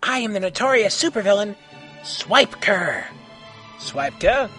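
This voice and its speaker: A man's voice: sits high, big pitch swings, measured pace, pushed and bright, soft background music, voice pushed up, full character voice. A man voicing a sly, maniacal male fox clown villain who sneers and wheedles in an amateur audio story. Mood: sneering. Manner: sneering, wheedling, sometimes whispery.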